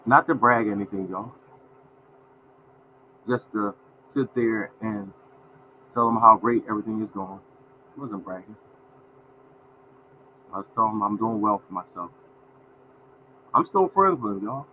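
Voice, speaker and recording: A man's voice: on the low side, measured pace, pauses often, a little hiss or hum. Folksy middle-aged man on a lo-fi stream. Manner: folksy, repeats phrases, addresses viewers as y'all. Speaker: livestream host. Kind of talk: casual livestream talk.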